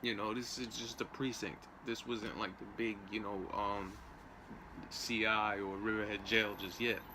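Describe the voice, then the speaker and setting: A man's voice: on the low side, little pitch movement, unhurried, background noise. A young man tells a story in a loose, streetwise way and keeps dropping in "man" and "you know". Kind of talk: casual storytelling.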